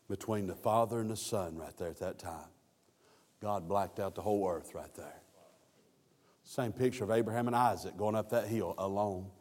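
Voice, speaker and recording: A man's voice: mid-range voice, a little mellow. Male preacher, narrative sermon delivery, echoing hall. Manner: storytelling preacher who voices biblical quotes. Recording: long hall reverb.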